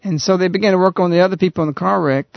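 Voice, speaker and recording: A man hosting a radio talk show, earnestly retelling a story in a halting, conversational way. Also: high-pitched, gravelly, no echo. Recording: dull, lo-fi radio recording.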